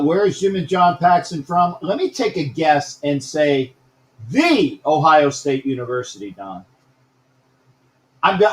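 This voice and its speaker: A man's voice: a little high, echoey room, rough recording. A man hosting a casual live-streamed sports talk show, rambling, repeating himself and greeting viewers by name.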